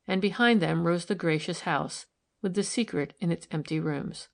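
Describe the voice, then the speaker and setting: Low gravelly woman narrating a book. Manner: calm, even storytelling. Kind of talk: audiobook narration.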